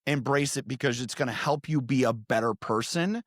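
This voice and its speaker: A man's voice: medium pitch, fairly quick, dry recording, clean studio sound. A man hosting a podcast, talking loosely and casually with lots of fillers. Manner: loose, rambling, filler-heavy talk. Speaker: podcast host.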